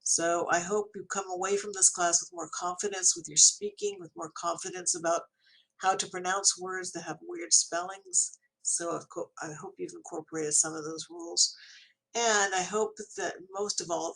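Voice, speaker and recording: An ESL teacher speaking in a recorded online lecture, with a gravelly edge to the voice. The delivery is encouraging and friendly, with small fillers between thoughts. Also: mid-range voice, sing-song, moderate pace, fairly bright tone.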